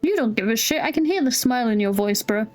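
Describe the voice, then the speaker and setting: A woman's voice: a little high, animated, fast, darkish tone. A woman commenting casually on a game as she plays, chatty, joking and swearing freely. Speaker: gameplay streamer. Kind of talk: casual let's-play commentary.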